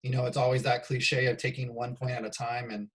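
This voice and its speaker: A man, a volleyball coach, interviewing a former player in a measured, reflective way, with some "um" and "you know". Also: medium pitch, little pitch movement, a bit bright. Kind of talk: casual interview talk.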